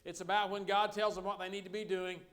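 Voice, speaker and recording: A man's voice: high voice, level tone, quick pace, a bit bright. A middle-aged man preaching a sermon as pastor, folksy and joking with the congregation.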